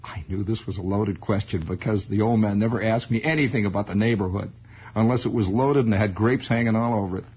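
A man telling a childhood story in a wry, animated way, often chuckling. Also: on the low side, a little fast, breathy edge. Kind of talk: spoken storytelling monologue. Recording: dull lo-fi recording.

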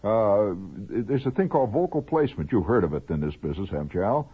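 Husky guy rambling thru a funny radio story, lots of asides, narrow tinny old recording. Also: on the low side, expressive. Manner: digressive, humorous, drawn-out asides. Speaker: monologist.

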